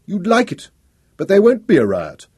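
A man reading an older professor who speaks with cool authority, polite but unbending, for a storybook reading. The voice has a husky edge and a lively, rising delivery, set close and dry. He addresses a crowd with measured, commanding formality. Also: sits high, no echo, voice pushed up, heavily acted. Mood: firm. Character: aging male professor, calm, firm and authoritative.

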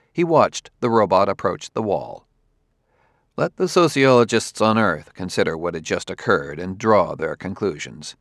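Give me a man with a low, gravelly voice narrating a novel, dry and close. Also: no room sound. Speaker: audiobook narrator. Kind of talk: scripted narration.

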